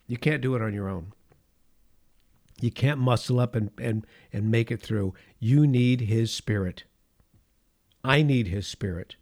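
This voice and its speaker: A middle-aged male pastor delivering a sermon with fervent conviction. His voice rises and falls sharply in volume, and he lets dramatic pauses hang between phrases. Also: mid-range voice. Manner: impassioned preaching with dramatic pauses and swings in loudness.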